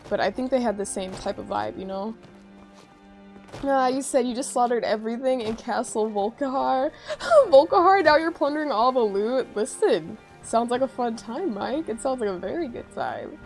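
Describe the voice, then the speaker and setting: A woman's voice: on the high side, expressive, moderate pace, creaky, a little mellow, soft background music, low-quality recording. A woman from Chicago with a Chicago accent, chatting and giggling while she streams a game. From Chicago area, USA. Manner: chatty, giggly, rambling with many fillers. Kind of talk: casual chat while playing a game.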